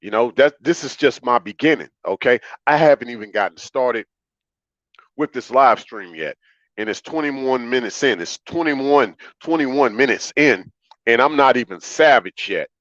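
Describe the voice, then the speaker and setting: A man's voice: medium pitch, lively intonation, normal speed, fairly bright tone, no room sound, lo-fi sound. A man hosting a livestream monologue, talking in an emphatic, repetitive, preachy way. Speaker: livestream host.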